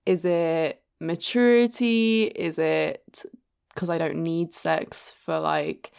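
A woman's voice: deep voice, steady tone, slow pace, gravelly, a little mellow, clear, resonant tone. A woman in her thirties hosting a podcast, talking candidly and emotionally and swearing casually. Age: 30s. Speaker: podcast host. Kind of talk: casual chat.

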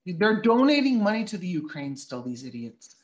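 A blunt talk-show host at a middle pitch walks through a speech piece by piece, swearing freely as the points come. The sound is dull and lo-fi, muffled at the top. The talk is casual and unpolished, full of fillers. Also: very animated, normal speed. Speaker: podcast host.

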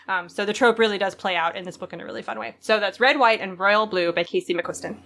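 Fast-talking bright-voiced woman. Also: mid-range voice. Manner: rambling, with lots of "like" and "um". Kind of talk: casual chat.

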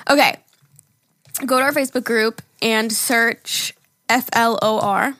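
A woman co-hosting a casual podcast chat, animated and giggly, swearing freely. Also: fairly high pitch, measured pace. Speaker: podcast co-host.

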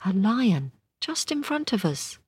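A wise, patient blind man who speaks gently and calmly, played by a woman telling the tale. The voice moves up and down. It sits close and dry. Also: mid-range voice, unhurried, husky, no room sound, voice pushed up, exaggerated voice. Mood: hushed warning. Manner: gentle, pleading, calm.

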